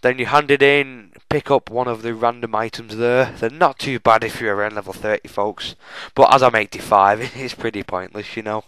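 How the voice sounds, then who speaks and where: A man's voice: medium pitch, steady tone, moderate pace, hardly any pauses, a bit bright, clean tone, no room sound, rough recording. A young man giving chatty, self-mocking walkthrough commentary on a game, often addressing viewers as folks. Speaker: gaming channel host.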